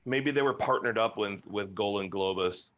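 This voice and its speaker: A man in his forties, a podcast guest, joking around in animated casual chat. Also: on the low side, normal speed, lo-fi sound. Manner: animated, joking, voices other people.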